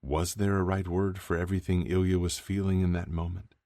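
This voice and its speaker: Very deep-voiced male audiobook narrator. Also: flat delivery, fairly quick, mellow, no echo, studio quality. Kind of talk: scripted narration.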